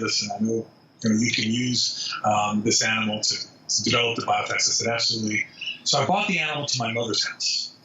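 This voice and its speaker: A bright, forceful man tells an anecdote with lively energy and voices the quoted lines as he goes. He sounds distant and roomy, and the audio is a little dull with a faint hiss. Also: medium pitch. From New York. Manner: animated anecdote-teller who acts out quotes. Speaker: zoo spokesman, guest. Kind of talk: storytelling in a podcast interview.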